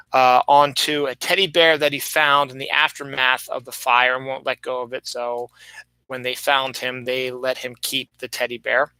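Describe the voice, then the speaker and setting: A young man hosts a casual news-chat podcast, wandering through stories with lots of fillers and restarts. His voice is very bright, smooth and slightly high. The sound is dry and close. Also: no room sound, poor audio. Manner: rambling, filler-heavy, self-interrupting. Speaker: podcast host.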